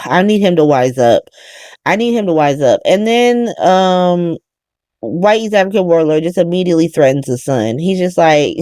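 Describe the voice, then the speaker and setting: A woman hosting a podcast, chatting casually as she recaps a soap opera in an animated, profane way, laughing as she goes. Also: fairly low pitch, no echo, clean studio sound. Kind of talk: casual chat.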